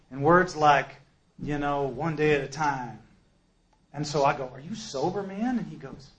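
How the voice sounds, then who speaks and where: A man telling his own recovery story to a group, acting out conversations with humor and self-mockery. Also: fairly high pitch. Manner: animated storyteller, acts out dialogue, self-deprecating. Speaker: speaker sharing recovery story. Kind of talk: personal testimony talk.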